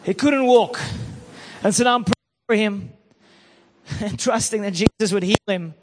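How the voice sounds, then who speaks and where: A man preaching a sermon, telling an emotional story and building to loud declarations. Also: high voice, a little slow, big-room sound.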